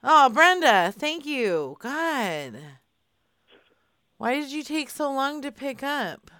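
A woman's voice: sits high, sing-song, slow pace, pushed and bright, no room sound, studio quality. A woman streaming live as she makes prank phone calls, teasing and mock-stern with the people she rings.

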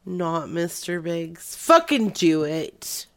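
A woman's voice: fairly low pitch, big pitch swings, slow pace, vocal fry. A woman co-hosting a prank call show, brash and crude, teasing and laughing a lot in casual banter.

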